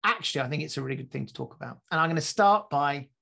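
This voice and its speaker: A man co-hosting a casual podcast, his voice gravelly with a husky edge. He tells stories with energy and often repeats and restarts his words mid-thought. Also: a little high, very fast. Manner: animated storyteller, restarts and repeats words while thinking. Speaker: podcast co-host.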